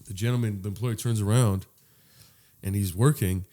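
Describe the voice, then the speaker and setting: A man co-hosting a casual podcast chat, laid-back, who drops into low mumbled asides when telling stories. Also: fairly even intonation, moderate pace, warm tone. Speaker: podcast co-host.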